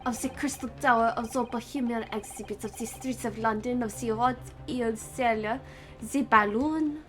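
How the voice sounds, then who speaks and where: A woman voicing an excitable, boyish young man who stammers and blames others when cornered. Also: fairly high pitch, normal speed, close to an everyday voice. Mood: eager. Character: excitable boyish young male balloon photographer.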